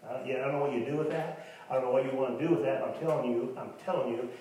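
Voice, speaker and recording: A man's voice: mid-range voice, fairly even intonation, rapid-fire, dark tone, far from the mic, slight background noise. Man, pastor, folksy conversational sermon, very echoey hall, mic set back from him. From Kansas, USA. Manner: folksy, conversational preaching with asides to the congregation. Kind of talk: sermon with personal stories. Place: church sanctuary.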